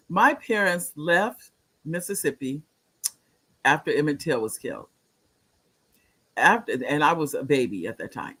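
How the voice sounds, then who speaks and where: An older man in his late sixties talks earnestly on his live-streamed talk show. He repeats his points for emphasis and reads viewer comments aloud. His voice sits slightly high for a man. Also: very animated, measured pace, long pauses, pushed and bright, husky. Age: 60s.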